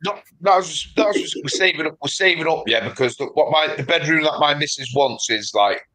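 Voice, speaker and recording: A man's voice: fairly high pitch, animated, a little fast, sharp tone, poor audio. A man with a Manchester accent telling a story animatedly in casual chat, often repeating himself and saying mate. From England. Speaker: guest on a fishkeeping livestream.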